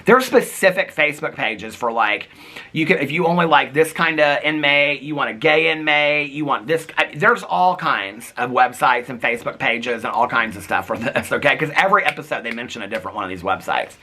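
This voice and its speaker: A man's voice: mid-range voice, animated, brisk, sharp tone. A man vlogging in casual chat, telling stories with acted-out quotes and frequent laughs. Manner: chatty storyteller, acts out quotes, laughs often.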